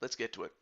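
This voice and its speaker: A man's voice: sharp tone, muffled recording. A man streaming and commentating a football video game league, casually rambling and greeting viewers by name.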